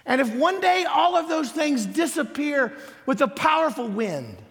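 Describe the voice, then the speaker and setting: A man's voice: extremely high pitch, big pitch swings, measured pace, fairly bright tone, big-room sound. A male preacher delivering a sermon emphatically, building his points through repeated refrains.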